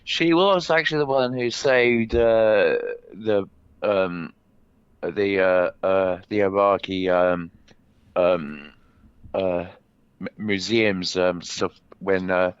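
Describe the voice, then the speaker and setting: A man's voice: deep voice, slow, clean tone, dry recording, lo-fi sound. A man calling in to a chat show, talking hesitantly with many fillers. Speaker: caller.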